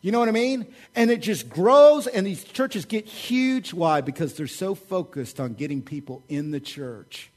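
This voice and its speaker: A man preaching a sermon with a Southern American accent, joking and animated, his voice swinging louder when he mocks others. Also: high-pitched, a little slow, few pauses. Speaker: pastor. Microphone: website recording of a church service.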